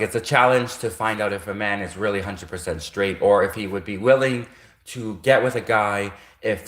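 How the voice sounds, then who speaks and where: A man with a lowish voice rants on a casual livestream. He rambles and circles back on his own points, correcting himself midway and chuckling. The sound carries the echo of a bare room. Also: a bit bright. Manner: rambling, repetitive, with frequent self-corrections and chuckles. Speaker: livestream host.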